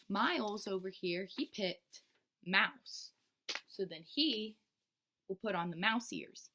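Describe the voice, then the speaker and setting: A woman who teaches young children, walking step by step through a lesson plan with some ums and restarts. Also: medium pitch. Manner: steady, step-by-step explaining with frequent ums and restarts; shifts into a bright, singsong teacher voice when quoting herself to children. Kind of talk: explaining a lesson plan to camera.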